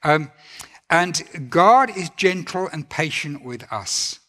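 A man delivers a sermon in a gentle, conversational manner, often turning to rhetorical questions. His voice sits a little higher than most men's. A long reverb trails after every phrase, as in a large hall. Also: expressive, slow pace. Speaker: preacher.

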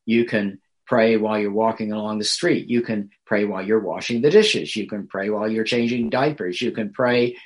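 A male pastor preaching a sermon in a measured, earnest way, pausing often with small fillers. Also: fairly low pitch.

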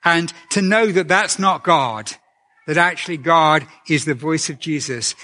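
A man giving a conversational sermon as a preacher, earnest and gentle, asking his listeners questions. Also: a little high.

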